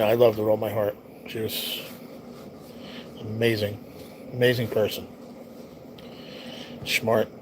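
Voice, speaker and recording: A man's voice: mid-range voice, a little mellow, a little hiss or hum, rough recording. Rambling, profane male livestream host. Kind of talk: casual storytelling to a live chat.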